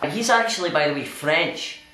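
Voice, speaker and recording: A man's voice: fairly high pitch, animated, moderate pace, sharp tone. A man playing a pompous, deluded comic. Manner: pompous and boastful, hesitant with fillers. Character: self-important deluded male stand-up comic. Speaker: interviewee in a sketch. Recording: echoey cave venue.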